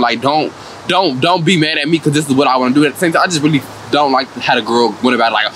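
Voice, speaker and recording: A man vlogger giving an animated, profane and sassy comedic recap of a reality TV show, laughing often. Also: on the high side, fast talker, a little hiss or hum.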